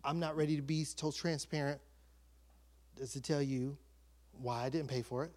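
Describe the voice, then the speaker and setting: Middle-aged man, pastor preaching in a lively storytelling style, drops to near-whispers and rises to loud bursts. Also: a little high, moderate pace. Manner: animated, swings from hushed asides to loud emotional outbursts. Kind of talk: storytelling sermon.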